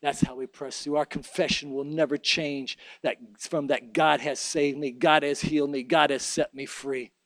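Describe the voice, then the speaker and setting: A man's voice: a little high, steady tone, moderate pace, few pauses, a bit bright, dry recording, rough recording. A man preaching a sermon and leading an altar prayer, fervent and emphatic, with repeated phrases.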